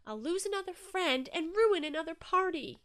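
A woman's voice: extremely high pitch, animated, moderate pace, fairly bright tone, pitched above the performer's own voice. A woman voicing an anxious young male octopus in a storybook reading, fretful and repeating himself. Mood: tearful.

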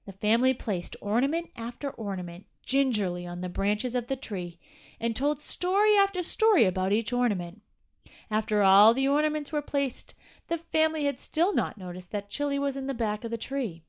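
A woman's voice: on the high side, lively intonation, normal speed, clear, resonant tone. A woman narrating a children's Christmas story aloud.

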